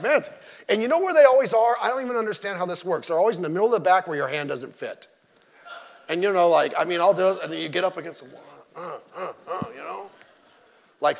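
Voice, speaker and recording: High-voiced pastor preaching in an echoing hall. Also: male voice, creaky. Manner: animated, digressive, joking asides. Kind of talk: sermon. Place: church sanctuary. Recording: long church-hall reverb.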